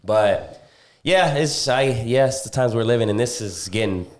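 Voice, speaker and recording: A man's voice: medium pitch, animated, unhurried. A man hosting a podcast in casual chat, loose and joking, swearing freely. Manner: loose, profane, joking banter.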